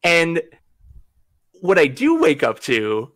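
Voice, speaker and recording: A man's voice: on the high side, wildly swooping pitch, slow, a bit bright. A young man on a podcast, casually telling a rambling story, laughing often and swearing freely. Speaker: podcast host.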